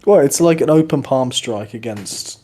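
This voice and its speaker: A man's voice: medium pitch, expressive, moderate pace, mellow, soft background music. Player, male, eager and joking, casual table talk.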